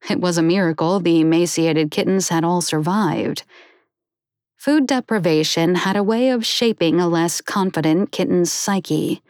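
A woman narrating a children's animal story in a steady, even reading voice. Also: lowish voice, unhurried, dry recording, clean studio sound.

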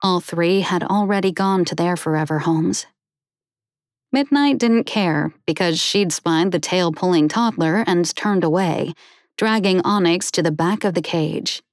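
A woman narrating a children's animal story in a steady, even reading voice. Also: fairly low pitch, unhurried, dry recording, studio quality.

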